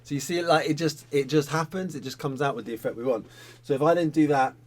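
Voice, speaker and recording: A man's voice: a little high, fast talker, darkish tone. A man teaching a drum lesson, talking casually and counting sticking patterns aloud.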